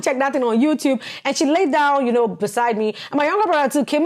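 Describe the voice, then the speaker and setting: Animated Nigerian woman, fairly high voice. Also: fairly quick, hardly any pauses. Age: 40s. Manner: animated storyteller, acts out quoted voices, laughs often. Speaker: podcast co-host. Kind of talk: personal testimony on a podcast.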